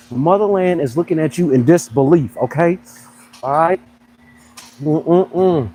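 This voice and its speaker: Animated joking man, fairly high voice. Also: a little hiss or hum, low-quality recording. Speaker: fitness coach and pro bodybuilder. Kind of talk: casual livestream chat.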